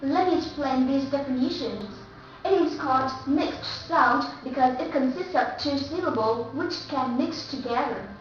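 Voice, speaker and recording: A young woman with a Vietnamese accent walks through English pronunciation slowly and deliberately, repeating each example word. Her voice is high and unhurried. The recording is echoey and dull, with her a little distant from the mic. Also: soft background music. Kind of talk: recorded lesson.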